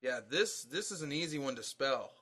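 A man's voice: medium pitch, lively intonation, normal speed, sharp tone, husky. A man co-hosting a podcast in loose, joking casual chat, swearing freely. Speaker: podcast co-host.

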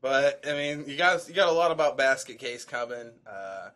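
Bright-voiced man rambling on a podcast. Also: medium pitch, animated, normal speed. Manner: rambling, crude jokey banter with filler. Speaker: podcast co-host. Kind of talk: casual chat.

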